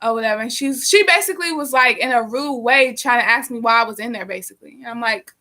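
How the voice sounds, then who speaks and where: A young woman telling a story casually during a live stream, animated and profane, rambling with lots of fillers. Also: fairly high pitch, fast.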